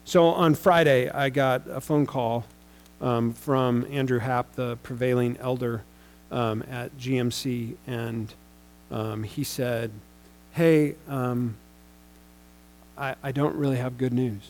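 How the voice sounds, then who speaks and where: A man's voice: medium pitch, fairly even intonation, slow, darkish tone, poor audio. A man in his forties, a pastor, telling a personal story in a sermon in a conversational way, with bursts of raised emphasis.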